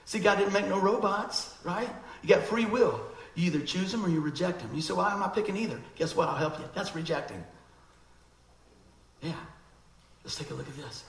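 A man preaching a sermon in an animated, conversational way, acting out quoted voices. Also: high voice, fairly quick, gravelly, echoey room, poor audio.

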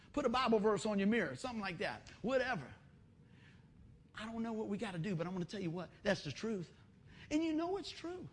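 Husky high-voiced man preaching. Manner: lively, acts out little scenes with voices. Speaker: pastor. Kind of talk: sermon.

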